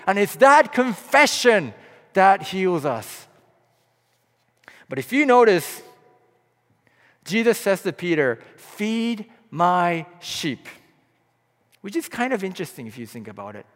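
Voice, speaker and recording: A high-voiced man delivers an impassioned sermon, dropping to hushed tones and then climbing to loud appeals. His voice rings out with a long hall reverb. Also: sing-song, slow, long pauses. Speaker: pastor.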